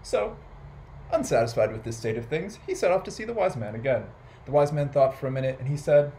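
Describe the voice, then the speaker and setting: A man reads a children's story aloud for a library storytime. His pitch swings widely as he tells it, and he throws in playful animal noises and sound effects. The delivery stays animated throughout. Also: a little fast, a little hiss or hum, poor audio.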